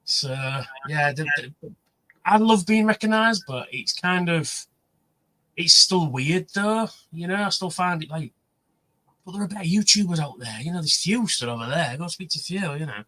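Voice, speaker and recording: A man's voice: high voice, normal speed, pushed and bright, rough recording. A man telling rambling stories in a casual livestream chat, full of fillers. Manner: rambling, chatty storyteller with many fillers. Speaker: livestream co-host. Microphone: livestream mic.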